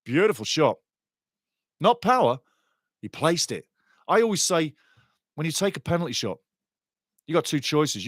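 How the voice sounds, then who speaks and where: A man calls a soccer match live as a passionate fan. His voice sits a little high and swings from low muttering to excited shouting. The sound is dry and close, with no room echo. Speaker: live watchalong commentator.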